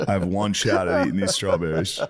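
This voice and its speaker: A man's voice: low voice, steady tone, fairly quick, no echo, studio quality. A man co-hosting a podcast in casual comedic chat, teasing his friend with crude jokes and laughing a lot. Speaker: podcast co-host.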